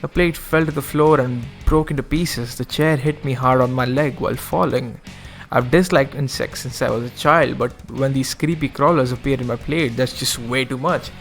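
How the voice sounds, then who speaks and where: A man's voice: mid-range voice, fairly even intonation, moderate pace, vocal fry, faint music behind. A man streaming, reading a visual novel aloud and breaking off for casual asides. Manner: casual asides, self-correcting.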